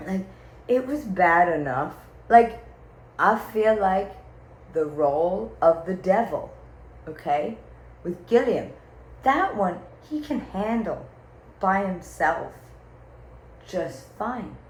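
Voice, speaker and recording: A woman rambles through a comic vent to her viewers, theatrical and loose with swear words and fillers like "okay." She talks at an unhurried, drawn-out pace. Her voice rings in an echoey room over a faint hum of ambience. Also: mid-range voice, expressive. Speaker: vlogger venting to viewers. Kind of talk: comedic rambling monologue.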